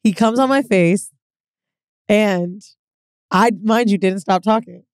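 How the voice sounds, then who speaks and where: A woman's voice: medium pitch, slow, smooth, dry recording. A young woman co-hosting a podcast, telling a candid story in casual chat and acting out what people said. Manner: candid, animated storyteller who acts out quotes. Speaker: podcast co-host.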